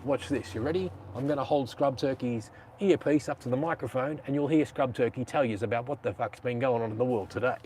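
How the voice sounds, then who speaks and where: A man's voice: medium pitch, fairly quick, hardly any pauses, darkish tone, a little hiss or hum. A man with an Australian accent hosting a casual live stream, chatting and rambling in slang.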